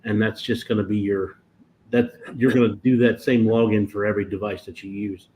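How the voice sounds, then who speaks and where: On a livestream, a man chats casually about cruise internet plans, rambling and correcting himself like a meandering storyteller. His voice is on the low side, level in tone and brisk. The stream audio is dull and lo-fi with faint noise.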